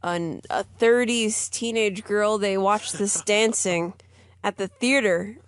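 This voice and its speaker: A woman's voice: mid-range voice, takes it slowly, no room sound, clean studio sound. A woman co-hosting a comedy podcast, chatting casually and laughing easily. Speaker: podcast co-host.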